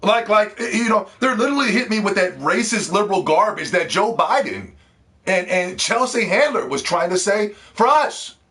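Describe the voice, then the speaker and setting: Guy ranting about consoles, cussing a lot, kinda high voice, stumbles over words. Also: lively intonation, moderate pace, pushed and bright. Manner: heated, profane, repeats words when worked up. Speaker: gaming video host. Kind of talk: ranting video commentary.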